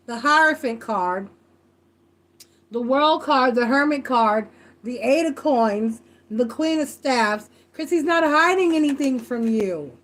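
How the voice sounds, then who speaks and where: A woman doing a live tarot reading, blunt, profane and rambling, stressing her points again and again. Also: on the high side. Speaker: tarot reader.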